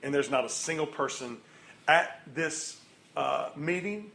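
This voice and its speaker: A man's voice: on the high side, measured pace, gravelly. Preacher man rousing an audience, echoey. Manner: lively, rallying crowd, sudden loud outbursts. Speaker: speaker at a morning meeting. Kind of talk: energetic motivational sermon. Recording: echoey room, faint ambience.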